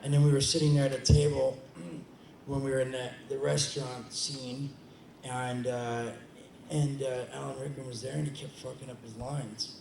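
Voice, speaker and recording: At a convention panel, a man fields audience questions in a casual Q&A, rambling, joking and swearing freely. His mid-range, creaky voice has little pitch movement and a moderate pace, recorded in an echoey hall with background noise.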